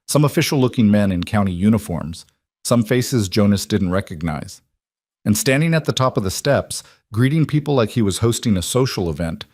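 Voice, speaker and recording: A man giving scripted, measured narration of a Western story. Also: on the low side, a little mellow, no room sound, studio quality.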